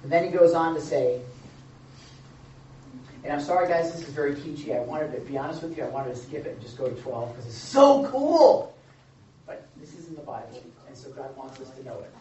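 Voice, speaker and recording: A male pastor delivers a sermon in a lively way, acting out the scripture quotes and adding playful asides. His voice echoes through a roomy space and comes from some distance from the mic. The sound is dull, with faint background noise. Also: on the high side, a little fast. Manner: animated, joking asides, acts out quotes. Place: church or meeting room with a live audience.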